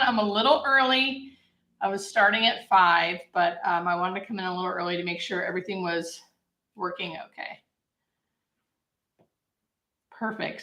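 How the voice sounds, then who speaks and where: A woman's voice: mid-range voice, bright, forceful tone, roomy sound. A woman from Southern California, a hospice nurse, chatting upbeat on a live-stream Q&A and answering viewers' questions. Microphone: camera mic.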